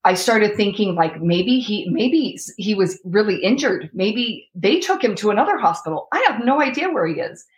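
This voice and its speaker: A woman's voice: mid-range voice, very animated, moderate pace, few pauses, poor audio. A woman in her thirties telling her personal story as an interview guest, reliving her own past words.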